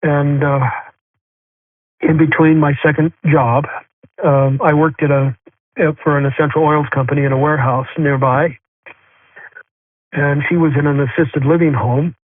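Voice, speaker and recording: An earnest middle-aged man recounts his story in a fairly high voice, pausing often and restarting his sentences. The sound is thin and tinny like a phone call, with no room sound around him. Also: flat delivery, no room sound. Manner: halting, with frequent fillers and restarts; earnest and heartfelt. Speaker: guest sharing a spiritual experience. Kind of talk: personal storytelling. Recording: tinny dry phone line.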